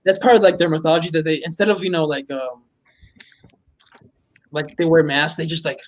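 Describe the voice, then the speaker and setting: High-voiced man chatting with many fillers. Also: fairly even intonation, low-quality recording. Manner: rambling, halting, with many fillers. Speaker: podcast co-host. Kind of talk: casual chat.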